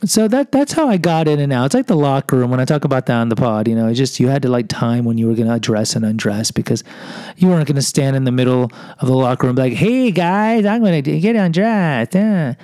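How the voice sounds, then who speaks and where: This man's voice is medium-pitched, quick, mellow and smooth. He's a podcast host from Houston, Texas, telling a self-deprecating personal story and performing the quoted voices of others, captured in poor audio with no echo.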